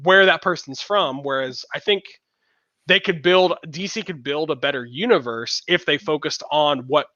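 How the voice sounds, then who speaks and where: A man's voice: on the high side, moderate pace, pushed and bright, no room sound, dull audio. A man co-hosting a podcast in casual chat, rambling with fillers and restarts. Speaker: podcast co-host.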